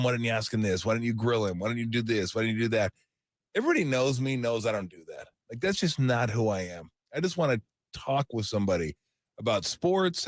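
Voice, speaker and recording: A man's voice: medium pitch, dry recording, studio quality. Easygoing older man, rambling radio host. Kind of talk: farewell radio talk.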